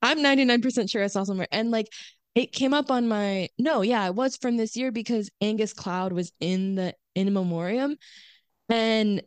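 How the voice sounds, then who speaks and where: A woman co-hosting a podcast in casual chat, animated and acting out quoted lines. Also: medium pitch, moderate pace, clear, resonant tone, no room sound. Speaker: podcast co-host.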